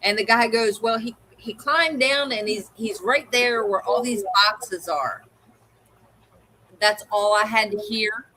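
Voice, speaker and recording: A woman co-hosting a livestream, telling an animated story in casual chat and acting out the voices of the people in it. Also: fairly high pitch, unhurried, rough recording. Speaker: co-host.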